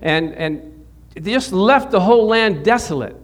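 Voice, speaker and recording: A man's voice: sits high, measured pace. A man preaching a sermon, telling Bible stories and his own experiences, laughing often and repeating words as he goes. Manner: storytelling, animated, rises sharply when quoting prayers. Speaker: pastor.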